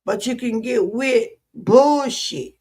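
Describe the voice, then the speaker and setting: A woman's voice: on the high side, takes it slowly, darkish tone, slightly rough. A weary woman streamer venting to her viewers in a frustrated, repetitive, profane rant. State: weary, worn out. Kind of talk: emotional livestream rant.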